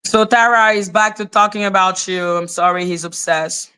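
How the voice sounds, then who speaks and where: A woman with a Haitian accent talks on a livestream in a bright, smooth voice. She is sarcastic and scornful, and she swears freely. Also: mid-range voice, steady tone, normal speed. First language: French and Haitian Creole. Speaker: livestream host. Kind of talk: casual livestream commentary.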